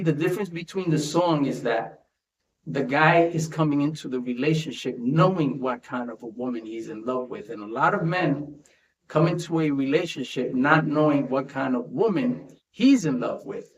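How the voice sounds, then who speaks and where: A man hosting a casual commentary monologue, talking conversationally and tagging his points with "right?". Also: medium pitch. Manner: conversational, tags statements with "right?". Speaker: commentary host. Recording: roomy echo.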